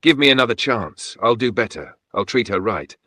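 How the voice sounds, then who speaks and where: A man's voice: on the low side, lively intonation, moderate pace, sharp tone, no echo. A man voicing a stepmother who stammers and pleads. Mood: begging. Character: cruel stepmother, panicked and pleading.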